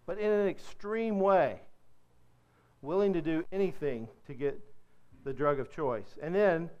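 A middle-aged man from Kentucky teaches a church workshop on addiction, chatting with the room and putting questions to his listeners. His voice sits a little high for a man and sounds smooth and resonant. The recording is dull and lo-fi. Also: expressive, measured pace. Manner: conversational, asks the audience questions.

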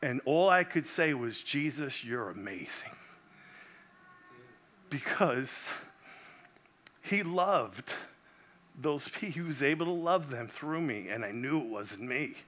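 A middle-aged man from Puerto Rico preaching a sermon as a visiting pastor, passionate and swinging between loud exclamations and hushed prayer. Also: mid-range voice, moderate pace, few pauses.

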